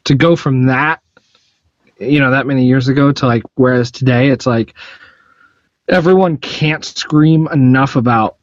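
A man chatting as a podcast co-host, pausing and searching for his words. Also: medium pitch, no room sound. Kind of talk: casual chat. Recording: dry, muffled lo-fi.

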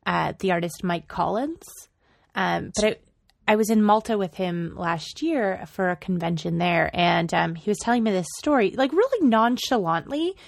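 A woman's voice: mid-range voice, moderate pace, creaky, no echo, clean studio sound. A woman co-hosting a podcast, telling a story in a chatty way full of fillers. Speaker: podcast co-host. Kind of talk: casual podcast chat.

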